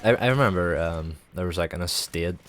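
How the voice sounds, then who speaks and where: A man's voice: low voice, brisk, a little hiss or hum. A young man streaming, chatting in a loose, rambling way, swearing freely and filling every gap with "like". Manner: sweary, rambling, heavy use of filler "like". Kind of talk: casual rambling chat.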